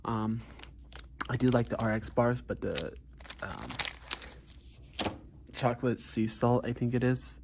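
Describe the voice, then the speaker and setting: A man's voice: medium pitch, unhurried, creaky, long pauses, noisy background. A man talking casually to his vlog camera, rambling with lots of ums and uhs, sometimes with his mouth full. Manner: talks while eating. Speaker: vlogger.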